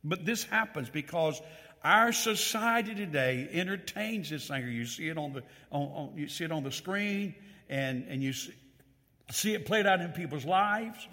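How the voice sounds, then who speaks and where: A man's voice: a little high, moderate pace. A man preaching a sermon, reading scripture with emphatic stress and putting questions straight to his congregation. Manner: animated, reads scripture aloud with emphatic stress; asks the congregation questions directly. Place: church. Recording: long hall reverb.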